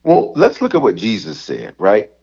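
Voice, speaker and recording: A man, a bishop and pastor, talking about love in a lively, preacherly way with playful asides. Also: on the low side, moderate pace, gravelly, husky, dull audio. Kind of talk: preaching in casual conversation.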